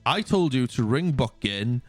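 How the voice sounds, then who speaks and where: A man's voice: medium pitch, lively intonation, unhurried, soft background music, natural voice. A man putting on a curt, rude hotel owner. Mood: curt, dismissive. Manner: dismissive, repeats himself.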